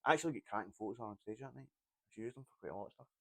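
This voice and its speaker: A man's voice: medium pitch, very fast, vocal fry, crowd noise. A Scottish man hosting a comedy podcast in casual chat, laughing often and ending lines with "man".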